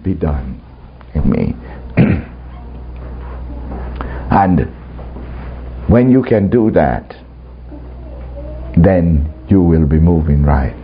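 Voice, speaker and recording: A male preacher tells his story slowly, his pitch swinging high and low as he chuckles through it and acts out the voices he quotes. The recording is dull and lo-fi, with a faint hum behind him. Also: lively intonation. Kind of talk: storytelling sermon.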